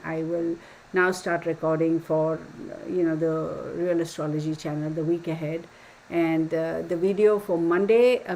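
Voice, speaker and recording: A woman hosting a tarot live stream from home, chatty and warm with viewers, laughing often. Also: sits low, slight background noise, poor audio. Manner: chatty, affectionate, laughs often, baby talk to her dog. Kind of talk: casual live stream sign-off. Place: home room.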